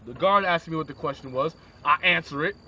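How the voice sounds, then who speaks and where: A man's voice: fairly high pitch, brisk, a little hiss or hum. A young man telling a rambling, crude shaggy-dog story with lots of asides, on a lo-fi phone recording. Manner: animated, crude, digressive.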